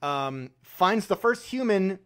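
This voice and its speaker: A man's voice: sits high, expressive, takes it slowly, a bit bright, smooth. A man co-hosting a podcast, chatting casually about a film, laughing often and swearing freely. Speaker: podcast co-host. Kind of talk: casual chat.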